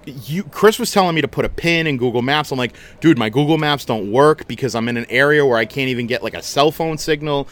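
A man hosting a podcast, telling a story in a casual, animated, chatty way and swearing freely. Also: medium pitch, brisk, hardly any pauses. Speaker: podcast host.

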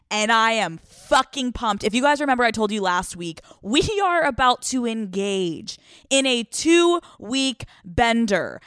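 A young woman hosting a casual vlog-style podcast, excitable and profane, laughing often as she talks. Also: medium pitch, dry recording, clean studio sound. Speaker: podcast host. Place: hotel room.

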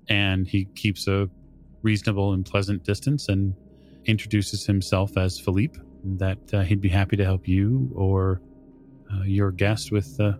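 Low-voiced male game master narrating. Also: darkish tone. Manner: measured, descriptive narration with occasional fillers.

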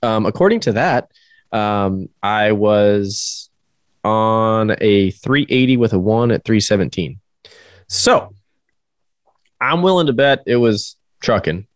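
A drag racing driver, a man, telling a story in a casual interview. He is animated and swears freely. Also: fairly low pitch, slow, no room sound, clean studio sound. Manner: animated storyteller, acts out quoted voices, swears, laughs.

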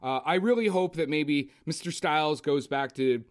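A man ranting in a casual, profane film review chat, animated and blunt. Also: a little high, normal speed. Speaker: podcast co-host.

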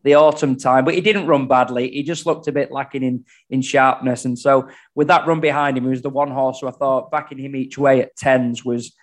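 A man's voice: medium pitch, steady tone, brisk, few pauses. A man giving casual, analytical horse racing tips on a podcast. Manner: chatty, fluent, analytical. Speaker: racing tipster.

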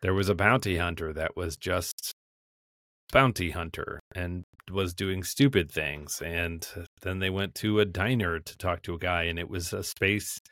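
A man with a lowish voice chats casually on a podcast, growing animated as he goes. The sound is dry and close, with no room around it. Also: dry recording. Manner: animated, breaks into mocking impressions and laughs. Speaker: podcast co-host. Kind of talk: casual chat.

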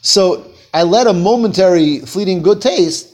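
A man's voice: sits high, a little slow, a little mellow. A man leading a text-study class, reading Hebrew phrases aloud, translating them and asking his students questions. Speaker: Torah teacher.

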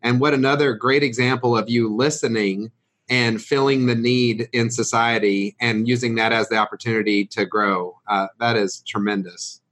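A man hosts a business interview and asks measured questions. He encourages his guest along the way, in a voice of middling pitch. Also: fairly even intonation, fairly bright tone. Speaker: interview host.

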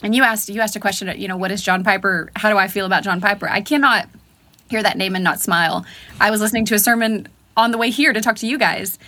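A woman in her thirties recalls things heartfelt and plainly. Her voice sits at an everyday middle pitch. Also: steady tone, quick pace, sharp tone. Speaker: podcast guest. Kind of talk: casual conversation.

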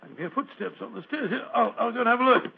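A bluff, hearty doctor in a 1940s radio play, stammering out his exclamations. The voice sits high and has a gravelly rasp. The sound is a tinny old broadcast with a faint hiss. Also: animated, fast, full character voice. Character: Doctor Watson, bluff, hearty male companion.

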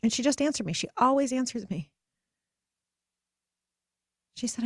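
A woman in her thirties hosting a podcast, speaking in a gentle, reflective way and dropping to soft whispers at tender moments. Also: fairly high pitch, expressive, normal speed, pauses often, husky, no echo, clean studio sound. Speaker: podcast host and coach. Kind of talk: guided reflective talk.

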